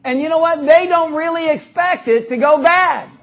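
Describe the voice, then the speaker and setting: High-voiced preacher, lo-fi. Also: male voice, normal speed. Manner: calls out to the congregation, joking, rising to loud exclamations. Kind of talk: energetic sermon. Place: church. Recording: dull lo-fi recording.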